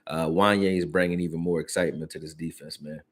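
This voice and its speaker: A man's voice: rumbling low, steady tone, fast talker. A man hosting a casual sports reaction stream, talking loosely in slang and answering his viewers as he goes. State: hiccups. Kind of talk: casual live-stream commentary.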